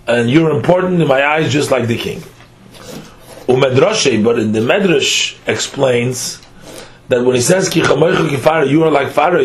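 Man teaching a verse-by-verse Torah lesson. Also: medium pitch.

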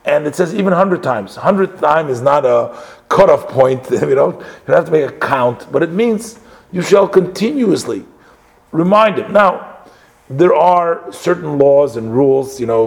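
A man gives a conversational Torah class at a middle pitch. He works through a text phrase by phrase, translating as he goes, and drops in frequent casual asides. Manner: conversational, translating phrases line by line, many "you know" asides. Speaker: Torah teacher.

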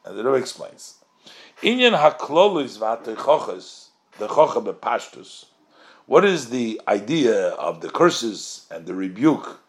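A man's voice: medium pitch, very animated, measured pace. A man teaching a religious text study lesson, reading short Hebrew phrases and translating them line by line, asking and answering his own questions. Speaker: Torah teacher.

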